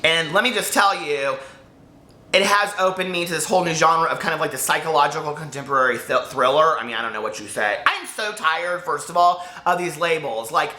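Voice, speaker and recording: Excitable rambling man, bright and echoey. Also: a little high, a little fast. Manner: rambling, excitable, self-interrupting. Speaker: book reviewer. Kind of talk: casual chat to camera. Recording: echoey room.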